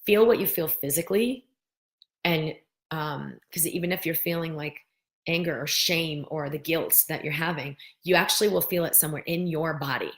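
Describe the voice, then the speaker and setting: A middle-aged woman hosting a live wellness stream, gently guiding listeners through breathing and answering viewer comments. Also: low voice, normal speed. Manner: gentle, guides listeners through breathing, acts out worried voices.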